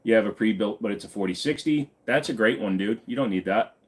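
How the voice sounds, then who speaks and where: Blunt, low-voiced man in his forties. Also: fast talker. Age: 40s. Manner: blunt, casual and profane. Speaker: live stream host. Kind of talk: live stream Q&A chat.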